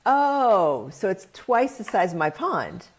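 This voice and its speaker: Woman doing a bright, chummy pond frog for a spoken parable, pitched up. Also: big pitch swings, slow pace. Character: small-minded male pond frog, friendly.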